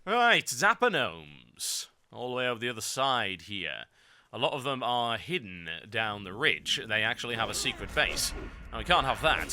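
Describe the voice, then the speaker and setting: A man's voice: fairly low pitch, pushed and bright. A man giving sarcastic, ranting commentary over a video game guide, with mock-grandiose asides. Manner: theatrical mock-grandiose lines. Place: voice-over recorded over game footage.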